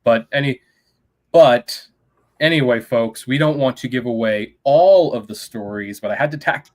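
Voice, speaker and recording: A man's voice: mid-range voice, normal speed. A male host with a middle-range voice, chatting casually during an interview. He turns to speak directly to the audience between questions. His manner stays talkative and informal.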